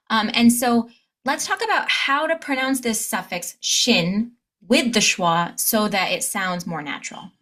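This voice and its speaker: A woman teaching English pronunciation, demonstrating sounds clearly and drilling words slowly with strong stress. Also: fairly high pitch, fairly bright tone. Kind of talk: pronunciation lesson.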